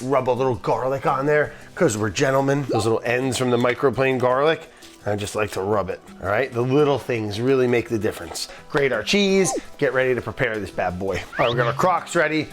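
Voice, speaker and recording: A man's voice: medium pitch, brisk. Middle-aged guy cooking in his kitchen, super hyped and goofy, chatting to the camera crew, faint music under it. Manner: enthusiastic, jokey, swearing, talks to the crew. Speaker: cooking show host. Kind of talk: casual cooking demonstration.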